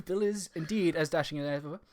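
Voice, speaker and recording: A man's voice: on the high side, unhurried, noisy background. A man hosting a live-streamed games podcast, chatting casually with a giggly, self-deprecating manner. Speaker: podcast host.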